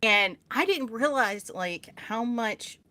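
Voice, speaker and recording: A woman's voice: a little high, takes it slowly, dry recording. A woman from West Virginia with an Appalachian twang, hosting a podcast in a sarcastic, story-telling chat. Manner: sarcastic, laughs often, tells animated stories. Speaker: podcast host. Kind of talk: casual chat.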